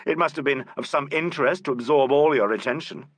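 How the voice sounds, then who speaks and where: A man voicing a polite, urbane police inspector who questions suspects with gentle irony, in an audiobook. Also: medium pitch, brisk, breathy edge, no echo, voice pushed up, natural voice. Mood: questioning. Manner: courteous, urbane, gently ironic. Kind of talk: audiobook character voice.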